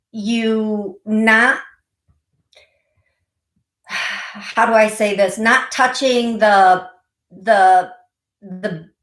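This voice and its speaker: Slow-talking woman psychic radio host, roomy sound. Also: medium pitch. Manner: warm, giggly, direct advice with repeated warnings. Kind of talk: call-in psychic reading.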